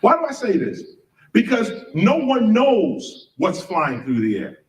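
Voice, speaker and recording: A man's voice: high-pitched, huge pitch swings, unhurried. A man lecturing an audience, firing questions and spelling out words letter by letter, heard from a distance in a large room. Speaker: speaker. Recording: roomy, from a distance.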